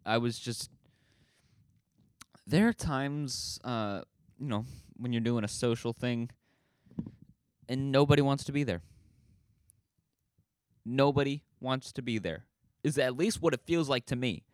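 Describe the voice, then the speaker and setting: A man's voice: mid-range voice, a little slow, long pauses, a little mellow, dry recording. Male podcast host, mid-range voice, loose self-mocking ramble, dry close sound. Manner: rambling, self-deprecating, swears casually. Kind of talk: casual solo podcast monologue.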